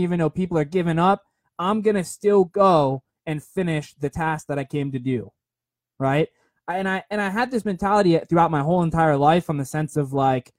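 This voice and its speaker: A man's voice: a little high, a little mellow, no room sound. A young man talking casually and rambling, who keeps repeating himself and checking in with "right?". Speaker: speaker sharing a motivational story. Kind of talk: casual monologue.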